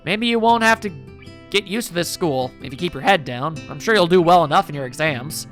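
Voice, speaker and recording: Calm, roundabout male teacher in a read-aloud visual novel, brisk bright tone, played by a man. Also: fairly high pitch, soft background music. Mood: reassuring. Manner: measured, roundabout lecturing. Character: patient, lecturing male schoolteacher.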